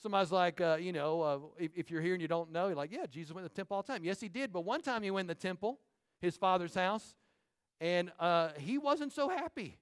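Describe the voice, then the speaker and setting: High-voiced preaching man. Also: clear, resonant tone. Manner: animated preaching, quick asides to the congregation. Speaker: pastor. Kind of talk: sermon. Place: church sanctuary.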